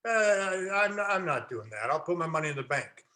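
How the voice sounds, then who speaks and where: A man's voice: fairly high pitch, sing-song, moderate pace, sharp tone. A man voicing a skeptical woman investor. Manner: doubtful, dismissive grumbling.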